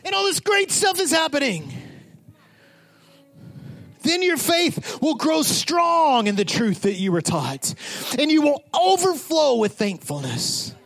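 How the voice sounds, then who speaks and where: Impassioned high-voiced male preacher. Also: very animated, slow pace, soft background music. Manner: impassioned, swings from shouting to hushed whispers, repetitive chanting. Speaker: pastor. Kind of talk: sermon.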